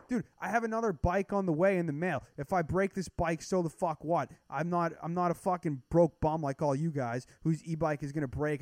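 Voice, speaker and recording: A man's voice: a little high, a little mellow, dry recording. Brash, swearing young man ranting. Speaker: podcast co-host. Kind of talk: casual podcast chat.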